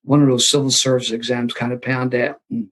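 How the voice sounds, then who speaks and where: A man's voice: medium pitch, flat delivery, fairly quick, a bit bright, poor audio. A man, telling a self-deprecating story to a live recovery meeting and acting out the voices he quotes. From Philadelphia area. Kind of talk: storytelling talk to a live audience.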